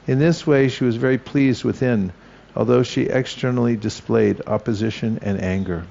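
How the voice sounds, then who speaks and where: A man with a gravelly, creaky voice reads a devotional text aloud, slow and careful, going back over any passage he trips on. The recording sounds dull and lo-fi. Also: mid-range voice, a little mellow, a little hiss or hum. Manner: slow, careful reading that pauses to correct itself. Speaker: scripture reader.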